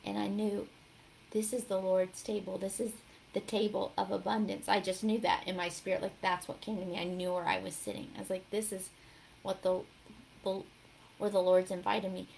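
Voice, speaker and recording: A woman hosting a casual devotional talk, telling her story in an animated way and acting out the voices in it. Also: mid-range voice, moderate pace, vocal fry, slight background noise, poor audio. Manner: animated storytelling, acts out quotes. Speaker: devotional host.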